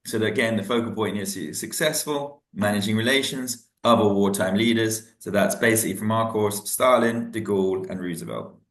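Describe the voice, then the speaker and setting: Relaxed man in an echoey room. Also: lowish voice, normal speed, hardly any pauses. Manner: relaxed, chatty, laughs often. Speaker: history teacher. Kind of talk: casual revision discussion.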